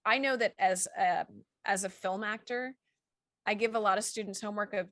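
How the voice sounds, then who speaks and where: A woman with a Midwestern American accent talks through acting advice like a coach, animated and instructive. Her voice sits in the middle range. The recording is close and dry, with no room sound. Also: mid-range voice, moderate pace, no echo. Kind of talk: casual panel chat.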